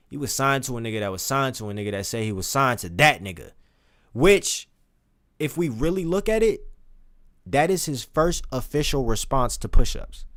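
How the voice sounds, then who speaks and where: A man talks through music as a streamer in loose, profane commentary. He speaks at a middle pitch and often drops low and quiet or jumps up loud when he recites lines. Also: normal speed. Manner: animated, profane, recites lyrics with shifting pitch and loudness. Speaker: streamer discussing rap lyrics. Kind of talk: casual commentary.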